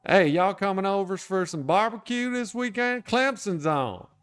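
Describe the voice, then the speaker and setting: A man's voice: high-pitched, expressive, moderate pace, a bit bright, smooth, faint music behind, voice pushed up. A man putting on a Southern US accent to play a jovial barbecue host inviting friends over. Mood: folksy. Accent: Southern US, put on.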